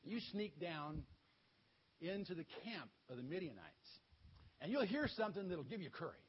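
A man voicing God as a calm, reassuring commander in a husky voice. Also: a little high, normal speed. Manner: reassuring, matter-of-fact. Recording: dull lo-fi sound.

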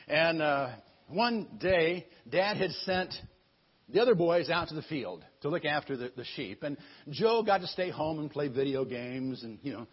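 Brief: folksy male storyteller, husky voice, sing-song, muffled lo-fi recording. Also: a little high. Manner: folksy, stumbling, with asides. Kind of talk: casual Bible story retelling.

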